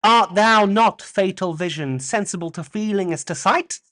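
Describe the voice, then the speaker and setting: A man's voice: high voice, normal speed, a bit bright. A man voicing a brooding male king haunted by a vision, in a dramatic Shakespeare recitation.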